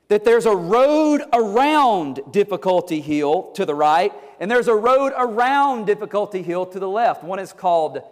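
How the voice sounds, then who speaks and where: Fervent high-voiced male preacher. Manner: fervent, exhorting, with repeated starts. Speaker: pastor. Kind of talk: sermon. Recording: long hall reverb.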